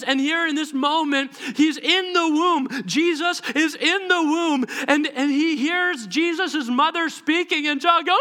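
A man preaching a sermon as pastor, animated and bursting into shouted voices as he acts out scenes. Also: very high-pitched, a little slow.

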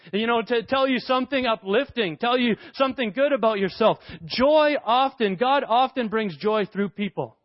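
A male pastor preaching a sermon, telling stories in an animated way and laughing often. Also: high voice, no echo. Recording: dull lo-fi dry sound.

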